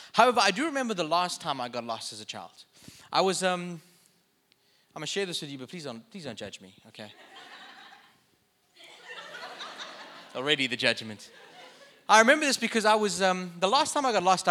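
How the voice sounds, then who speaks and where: A man's voice: high voice, pushed and bright. A young adult man preaching a sermon in a humorous, conversational, self-deprecating way. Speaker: pastor.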